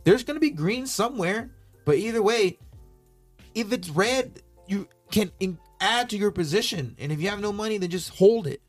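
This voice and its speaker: A man's voice: high voice, animated, moderate pace, soft background music. A man co-hosting a casual podcast, laid-back and teasing, sometimes dropping to a mutter. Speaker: podcast co-host. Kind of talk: casual crypto chat.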